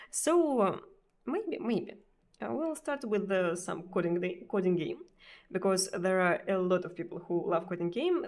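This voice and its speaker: A woman with a Russian accent, a native Russian speaker, chatting casually with viewers on a live stream. She hesitates often, repeating words and filling pauses. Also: mid-range voice, creaky, darkish tone. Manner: hesitant, many fillers and repeated words, frequent laughs.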